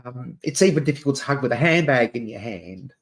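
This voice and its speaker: A man's voice: mid-range voice, animated, fairly quick. A man with an Adelaide Australian accent, hosting a casual livestream chat, chatty and camp, laughing often and calling listeners dear. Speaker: channel host.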